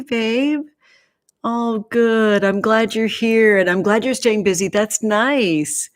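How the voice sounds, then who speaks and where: A woman's voice: medium pitch, no echo, clean studio sound. Gushing, affectionate woman host. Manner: gushing and affectionate, calling viewers honey and sweetie. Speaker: host greeting livestream viewers. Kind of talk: casual livestream chat.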